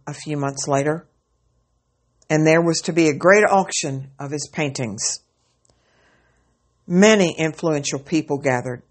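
A woman narrating a story aloud in a slow, measured reading. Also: deep voice.

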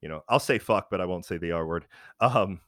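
Brief: low-voiced man, frank rambling storyteller, dry close sound, lots of ums. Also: a little fast, fairly bright tone, no room sound. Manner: rambling, frank, many fillers and restarts. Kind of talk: casual chat, personal storytelling.

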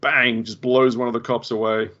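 A man's voice: mid-range voice, level tone, normal speed, pushed and bright, highs cut off. A man with an Australian accent hosting a casual podcast movie review, enthusiastically recounting scenes and laughing often. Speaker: podcast host. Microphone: home podcast mic.

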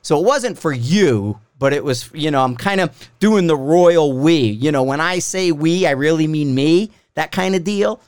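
Animated ranting man, dry close mic. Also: on the high side, normal speed, hardly any pauses, clear, resonant tone, no room sound. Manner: animated, exasperated, profane, mocks others in put-on voices. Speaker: podcast host, shooting instructor. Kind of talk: casual ranting monologue.

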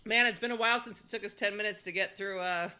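A woman's voice: mid-range voice, quick pace, sharp tone, smooth. A woman hosting a podcast, talking bluntly and wryly with plenty of swearing. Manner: blunt, profane, wry. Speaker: podcast host. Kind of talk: casual chat.

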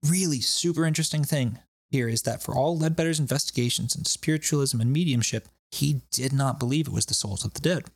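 A man's voice: medium pitch, a little fast, few pauses, breathy edge, dry recording, studio quality. A man hosting a podcast, telling stories in a loose, laughing way with plenty of swearing. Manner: laughing, profane, loose storytelling. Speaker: podcast host. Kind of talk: casual chat.

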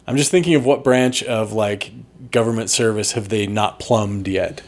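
A man's voice: on the low side, normal speed, slight background noise. A man co-hosting a podcast, bantering in a wry, playful way. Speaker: podcast co-host. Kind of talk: casual chat.

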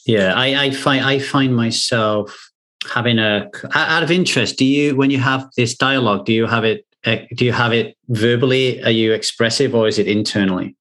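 A man hosting a podcast and talking through his ideas in a thoughtful, measured way. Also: mid-range voice, fairly bright tone. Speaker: podcast host. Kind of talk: casual podcast conversation.

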